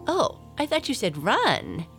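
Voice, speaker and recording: A curious young black cat from a children's storybook, put on by a woman reader. Her voice sits high above the reader's own and swings about as she asks eager questions. Music plays clearly behind her. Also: very animated, measured pace. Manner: eager, wide-eyed questioning.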